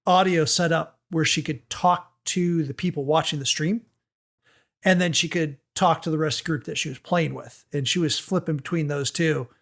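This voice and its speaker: Gravelly-voiced man chatting on a podcast. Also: a little high, fairly even intonation, normal speed, fairly bright tone. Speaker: podcast co-host. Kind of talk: casual chat.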